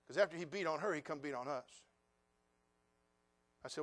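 An older man delivers a sermon in a high voice. He tells his story in hushed, quiet passages, then climbs to loud, fervent preaching. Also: unhurried, long pauses. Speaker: pastor.

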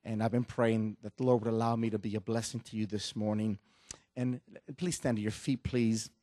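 Brief: middle-aged male missionary preacher, halting delivery, dry close mic. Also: on the low side, level tone, dry recording. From Mexico. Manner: warm, halting with restarts, building to loud preaching. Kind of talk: sermon with joke and scripture reading.

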